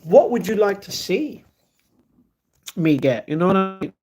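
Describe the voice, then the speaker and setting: A man's voice: sits high, sing-song, measured pace, a little mellow. A man from the UK, hosting a casual livestream and reading viewer comments aloud before answering them, often apologetically, into earbud microphones. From United Kingdom. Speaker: livestream host. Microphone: wireless earbuds.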